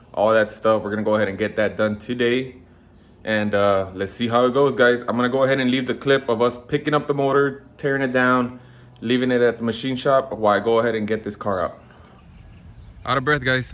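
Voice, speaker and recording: A man's voice: medium pitch, fairly bright tone. A man hosting a casual car build vlog, talking in a laid-back, rambling way through his garage work. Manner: laid-back, rambling, repeats "gonna go ahead".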